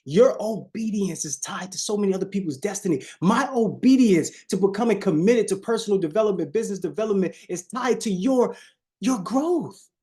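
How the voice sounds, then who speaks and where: A man's voice: sits high, animated, brisk, mellow. A man with leading a live online sales coaching call, preachy and repetitive, often addressing the audience as y'all and shifting his tone on purpose.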